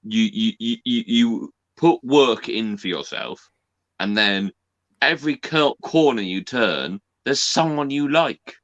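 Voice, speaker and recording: A man talking slowly and hesitantly as a guest in a casual chat. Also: medium pitch, expressive, fairly bright tone, no echo, lo-fi sound. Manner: slow, hesitant, full of fillers.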